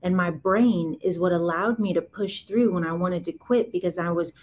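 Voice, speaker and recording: A woman's voice: lowish voice, normal speed, a little mellow, low-quality recording. A woman in her forties giving a candid, impassioned account in conversation, speaking emphatically in rising bursts. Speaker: guest.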